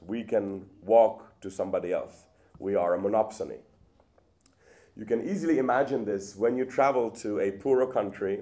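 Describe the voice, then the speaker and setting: Give me a low, mellow-voiced man lecturing with lively rhetorical questions. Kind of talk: public lecture. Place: lecture hall.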